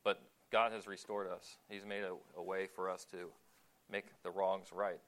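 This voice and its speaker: A low-voiced man delivers a sermon conversationally and without strain. He asks questions of those listening and pauses on fillers.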